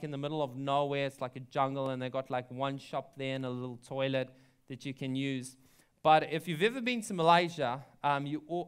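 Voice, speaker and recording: A young man preaching a sermon slips into a casual storytelling mode, peppering it with likes and ums and laughing at his own account. He has a clear, resonant voice pitched in the middle range.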